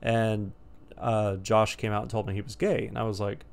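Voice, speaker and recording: A man's voice: on the low side, little pitch movement, moderate pace, creaky, darkish tone, a little hiss or hum. Rambling, profane man telling a story. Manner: rambling, profane, laid-back. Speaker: storyteller vlogger. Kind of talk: casual storytime.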